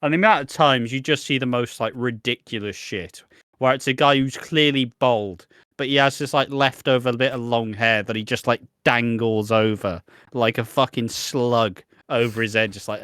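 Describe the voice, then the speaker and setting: A man co-hosts a casual podcast in a mid-pitched voice, recorded dry and close. He talks bluntly, swears freely and pads his explanations with fillers. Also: steady tone, moderate pace, fairly bright tone, clean tone, no echo. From Britain. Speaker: podcast co-host. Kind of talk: casual chat.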